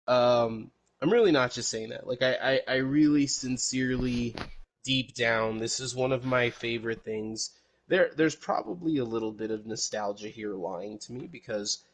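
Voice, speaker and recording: A man from El Paso hosting a podcast in casual, rambling chat, with jokes and swearing. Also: mid-range voice. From El Paso, Texas. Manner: rambling, profane, jokey. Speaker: podcast host.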